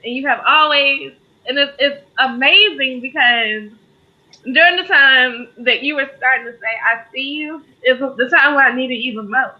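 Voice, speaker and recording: A woman's voice: high voice, moderate pace, highs cut off. A woman co-host giving a heartfelt spoken tribute, fighting back tears as she talks. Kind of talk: emotional tribute in casual talk.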